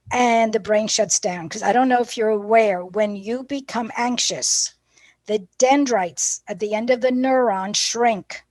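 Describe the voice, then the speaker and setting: A woman's voice: mid-range voice, no echo. A woman teacher trainer giving a professional development talk, telling classroom stories and acting out the dialogue. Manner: lively storyteller who acts out classroom dialogue.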